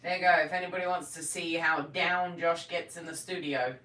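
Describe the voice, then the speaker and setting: British female co-host, lowish bright voice, echoey room from a distance. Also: fairly even intonation, fairly quick. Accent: British English. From England. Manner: chatty, teasing. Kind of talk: casual live-stream chat.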